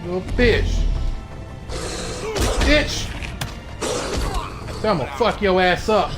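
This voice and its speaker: Give me a young male streamer hollering trash-talk, high-pitched, over game music. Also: brisk. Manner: loud profane trash-talk at the screen. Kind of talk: live game-stream commentary.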